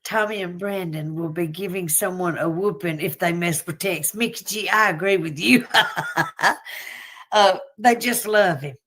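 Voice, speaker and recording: A woman's voice: lowish voice, a little slow, fairly bright tone, husky. A woman with a Southern US accent hosting a casual livestream, chatty and folksy, often laughing between thoughts. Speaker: livestream host.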